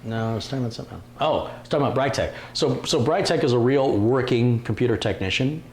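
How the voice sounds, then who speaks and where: A man's voice: mid-range voice, fast, a little mellow. A man hosting a live stream, chatting casually, joking and reading viewer comments aloud. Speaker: livestream host. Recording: roomy echo, faint room noise.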